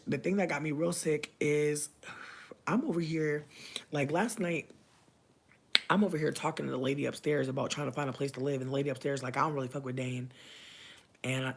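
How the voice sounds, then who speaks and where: Husky young adult venting a story. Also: medium pitch. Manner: animated venting with heavy slang and cursing. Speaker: vlogger. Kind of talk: casual storytelling rant.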